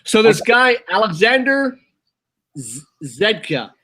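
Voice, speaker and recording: A man co-hosting a casual talk show, chatty and eager, sometimes reading aloud haltingly. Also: high-pitched, big pitch swings, bright, forceful tone. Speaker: co-host. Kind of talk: casual chat.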